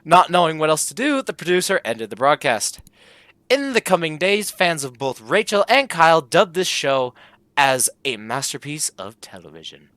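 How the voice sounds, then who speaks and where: A man's voice: a little high, very animated, moderate pace, bright, forceful tone, no echo. A man reading out the text of a comedy game as he plays, joking about the choices in a playful way and putting on voices for the lines. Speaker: gameplay commentator.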